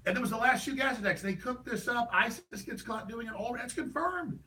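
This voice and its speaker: A man delivering an impassioned, ranting political monologue as a talk show host, heated and rapid with sudden bursts of shouting. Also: extremely high pitch, far from the mic, poor audio.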